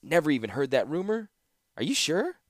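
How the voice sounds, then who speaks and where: A man voicing a sardonic, fearless, sharp-tongued woman in an audiobook, his tone wry and cutting. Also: on the high side, very animated, a little fast, dry recording, studio quality, pitched above the performer's own voice. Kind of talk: audiobook character voice.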